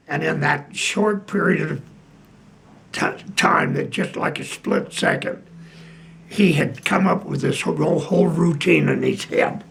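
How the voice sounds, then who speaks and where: An older man, a retired piano player, telling old stories slowly with many pauses and fillers. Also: a little high, creaky. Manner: slow, halting storytelling with many fillers. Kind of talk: casual anecdote.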